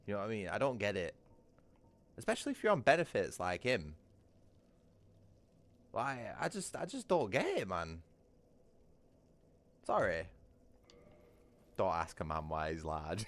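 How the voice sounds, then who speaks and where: Laid-back man, lively low voice. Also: a little slow, long pauses, no echo. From Britain. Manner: rambling and crude, with frequent restarts and bursts of laughter. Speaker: gaming livestreamer. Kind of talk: casual livestream chat while gaming. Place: his home.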